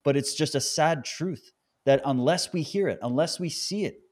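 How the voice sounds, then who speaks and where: A man's voice: on the high side, moderate pace. A man hosting an interview, commenting earnestly and with indignation on what his guest tells him. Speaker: host, interviewer. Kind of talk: interview talk.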